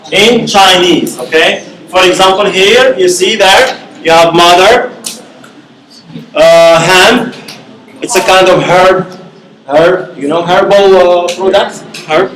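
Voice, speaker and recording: Male lecturer, high voice, slow deliberate delivery, recorded in a roomy hall. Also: a bit bright. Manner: repeats "okay?" to check understanding, slow and deliberate. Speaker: university lecturer. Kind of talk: classroom lecture. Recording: echoey classroom.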